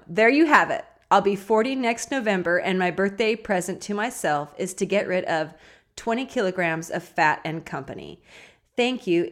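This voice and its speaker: A woman hosting a casual solo podcast, playful and giggly. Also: fairly low pitch. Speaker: podcast host.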